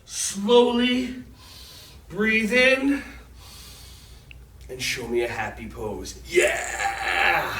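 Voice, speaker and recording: A man leading a children's yoga lesson in a gentle, encouraging, playful way. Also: mid-range voice, huge pitch swings, slow pace, pauses often, slight background noise. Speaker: kids yoga instructor. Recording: echoey room, mic at a distance.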